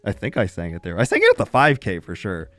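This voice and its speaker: A man's voice: lowish voice, fast talker, no echo, soft background music. A young man streaming, telling a casual story to his chat with lots of laughter and swearing. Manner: animated, laughs often, swears freely.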